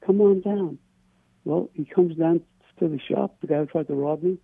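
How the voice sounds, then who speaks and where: A man calling in to a radio show and telling a personal story in an earnest, halting way, often repeating words. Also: a little high, fairly even intonation, vocal fry, breathy edge, no room sound. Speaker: caller. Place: on a phone call to a radio show. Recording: tinny phone line.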